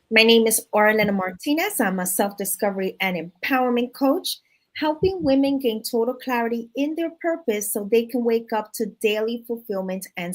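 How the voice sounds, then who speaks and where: Earnest woman empowerment coach. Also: a little high. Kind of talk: guest introduction on a livestream.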